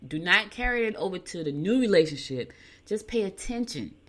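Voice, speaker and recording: An older woman hosting a show from a home studio, chatting casually and reading horoscopes with lively storytelling asides. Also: mid-range voice, a little fast. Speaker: radio show host.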